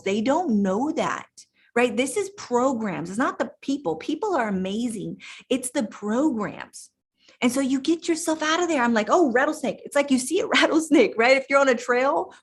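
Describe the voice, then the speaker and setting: A middle-aged woman coach giving an emphatic motivational talk, repeating words and restarting her sentences. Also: medium pitch. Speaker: life coach.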